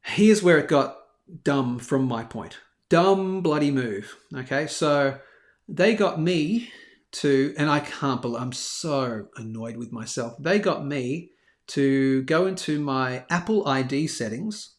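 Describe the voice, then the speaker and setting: A man's voice: mid-range voice, lively intonation, takes it slowly. A man hosts a casual live stream and rambles through a story about himself. He keeps mocking his own mistakes as he goes, in loose, conversational chat. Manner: chatty, self-deprecating, rambling storyteller. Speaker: host of a daily live bullion show. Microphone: live stream over a phone hotspot.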